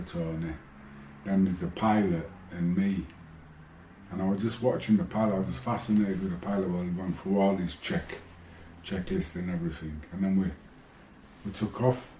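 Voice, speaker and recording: A man's voice: low-pitched, a little hiss or hum. A middle-aged man, a former boxer casually telling fight stories and acting out old conversations. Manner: animated storyteller, re-enacting exchanges. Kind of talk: casual storytelling. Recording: echoey room with faint ambience.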